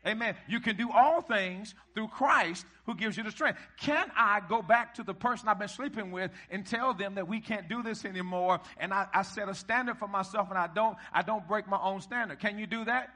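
A high-voiced male pastor preaches to his congregation. His tone is bright and a little husky. He leads call-and-response lines and builds to shouts. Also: moderate pace, few pauses. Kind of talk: sermon. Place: church hall before a congregation.

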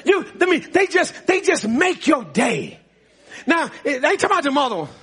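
This pastor's very high, slightly bright voice swoops wildly in pitch as he preaches at a normal speed. He calls out to the congregation in the church sanctuary, call-and-response style, laughing often.

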